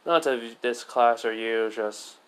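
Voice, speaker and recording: A man's voice: mid-range voice, slow pace, clear, resonant tone, close to an everyday voice, rough recording. A man voicing a weary, earnest young male hero student who lectures at length.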